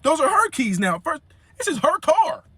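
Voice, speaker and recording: A young man vlogger telling a story casually, full of slang and fillers, animated. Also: very high-pitched, normal speed, no echo.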